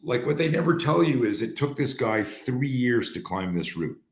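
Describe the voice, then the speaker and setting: A man hosting and coaching on a call, telling stories in a lively, profane way and acting out the dialogue. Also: medium pitch, moderate pace, echoey room. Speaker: host and coach. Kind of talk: conversational storytelling on a call. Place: room on an online call.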